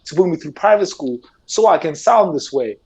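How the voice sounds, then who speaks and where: South african guy, kinda high voice, gets worked up and repeats words making his point. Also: normal speed, husky. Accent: South African English. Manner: animated, earnest, repeats words when pressing a point. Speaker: podcast guest, gamer. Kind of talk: casual discussion.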